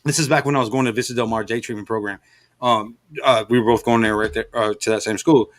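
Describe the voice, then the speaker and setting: A middle-aged stream host from the Los Angeles area tells a long, rambling story in casual chat, swearing freely and using lots of fillers. His voice is fairly low and steady, and he talks fast.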